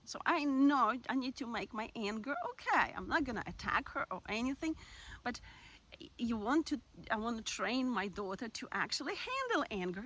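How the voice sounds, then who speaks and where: A woman talking through personal-growth advice in a candid, reflective way, laughing now and then and sometimes dropping to a soft near-whisper. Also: fairly high pitch. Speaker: self-help speaker. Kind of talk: casual advice monologue.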